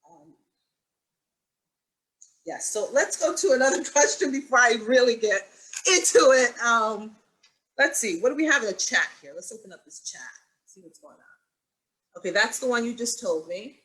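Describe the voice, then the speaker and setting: A woman with a bright, forceful voice moderates an online panel discussion. She tells stories animatedly and acts out the quoted lines. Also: a little high, lively intonation, normal speed, long pauses, rough recording. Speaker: moderator and acting teacher. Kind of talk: panel discussion on a video call.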